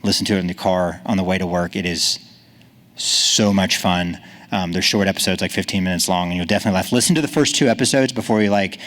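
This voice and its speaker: A man's voice: sits low, quick pace, a bit bright. Earnest man giving a conference talk. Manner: earnest, casual and encouraging. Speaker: conference speaker.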